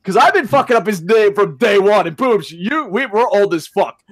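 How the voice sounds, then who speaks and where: A man co-hosting a casual podcast, ranting loudly with lots of swearing. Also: high-pitched, animated, moderate pace, no echo. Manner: loud, profane ranting. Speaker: podcast co-host.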